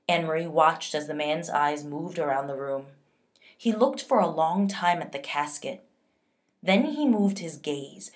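Woman teacher, storybook read-aloud for kids; slow, lowish voice, expressive. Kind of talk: reading a novel aloud to children.

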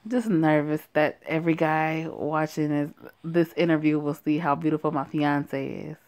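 A woman voicing a young man who flatters his fiancee calmly, in an amateur story reading. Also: low-pitched, moderate pace, no echo. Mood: smooth.

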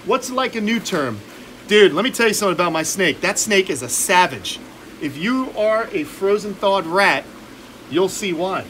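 A man's voice: sits high, expressive, normal speed, fairly bright tone, a little hiss or hum. A man hosting a casual live stream outdoors by a pond, joking around and reading viewer comments. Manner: upbeat, joking, reads viewer comments aloud. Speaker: reptile channel host.

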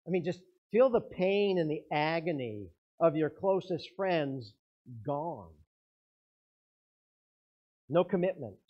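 A man's voice: a little high, lively intonation, takes it slowly, long pauses, highs cut off. A man preaching a sermon as pastor, earnest, his intensity rising and falling.

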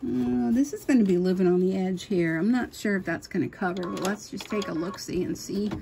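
A woman's voice: mid-range voice, fairly quick, creaky, mellow. A middle-aged woman hosting a casual embroidery tutorial from her home sewing room, chatting and thinking aloud as she works. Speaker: sewing channel host. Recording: noisy home recording with machine hum. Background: sewing machine running.

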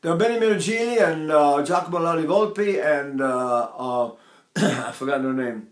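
A man's voice: a little high, expressive, moderate pace. Older man teaching voice, echoey room. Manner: rambling, digressive explanations with sung demonstrations. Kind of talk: vocal technique lesson.

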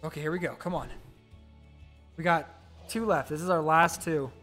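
A man streaming live gameplay, reading out game text and reacting excitably to each summon, pleading and groaning at bad luck. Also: fairly high pitch, moderate pace, soft background music. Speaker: gaming streamer.

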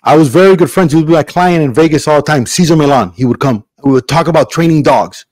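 A middle-aged man hosting a podcast in casual chat, an animated storyteller who acts out quotes in big voices. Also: a little high, quick pace, no room sound. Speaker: podcast host.

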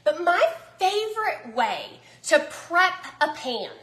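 A woman's voice: very high-pitched, big pitch swings, slow pace, a bit bright, reverberant. Bubbly Southern woman cooking in her kitchen. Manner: folksy, self-teasing, talks straight to viewers. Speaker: home cooking vlogger. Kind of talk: chatty cooking vlog. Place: home kitchen.

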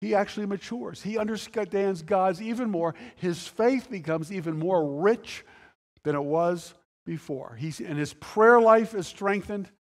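A male pastor with a high voice preaches unhurriedly in a church sanctuary, the big room audible around him. His sermon is conversational, full of restarts, and he acts out quoted dialogue in dramatic voices.

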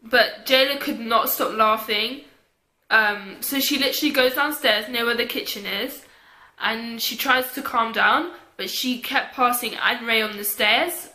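A woman's voice: fairly high pitch, unhurried, bright, forceful tone, reverberant. A young woman chatting casually, with lots of fillers, telling a story to camera. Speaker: vlogger.

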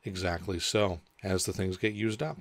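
A man with a gravelly voice voicing a rude, whimsical mad hatter in an audiobook, speaking in a pompous, contemptuous, theatrical way. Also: deep voice, fairly even intonation, normal speed, dry recording. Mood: triumphant.

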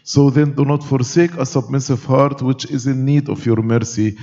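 A man recites liturgical prayers in a solemn, measured way, his tone mellow and warm. The sound is dull and lo-fi, with a long reverb from a large church. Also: medium pitch, fairly even intonation, vocal fry. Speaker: clergy leading the liturgy.

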